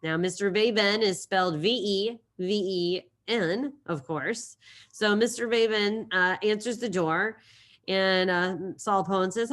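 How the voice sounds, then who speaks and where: A woman's voice: lowish voice, fairly even intonation, moderate pace, a bit bright. Chatty woman teaching a lesson. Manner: chatty, storytelling with silly voices and repetition. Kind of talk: recorded online class lesson.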